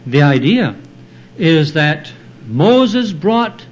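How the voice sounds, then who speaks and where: A man preaching an expository sermon, explaining Bible verses in a slow, deliberate teaching manner. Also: fairly high pitch, big pitch swings, highs cut off, slight background noise. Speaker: pastor.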